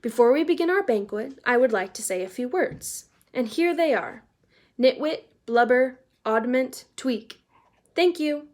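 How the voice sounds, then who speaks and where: A woman's voice: high-pitched, expressive, unhurried, a little mellow. A woman voicing a cheerful, whimsical old male wizard headmaster in a storybook reading, speaking in a grand, welcoming, playful way.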